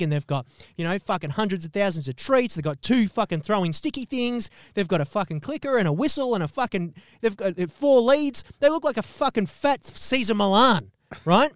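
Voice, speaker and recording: A high-pitched man co-hosting a comedy podcast, ranting in an exaggerated, foul-mouthed way and laughing as he goes. His voice sits close and dry on the microphone. He pushes each complaint for comic effect. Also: no echo. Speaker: podcast co-host. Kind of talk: comedic rant.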